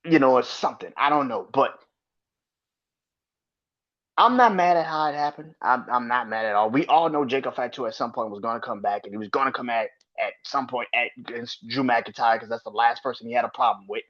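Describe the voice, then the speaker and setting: This podcast host has a medium-pitched, somewhat bright voice and a brisk delivery. He rants about wrestling in a blunt, profane, casual way, full of opinions. The recording is lo-fi and slightly dull.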